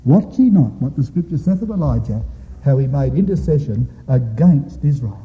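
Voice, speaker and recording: A man preaching a sermon in a dramatic, swooping delivery, stretching out key phrases slowly for emphasis. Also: medium pitch, expressive, dark tone. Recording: dull lo-fi sound with long hall reverb.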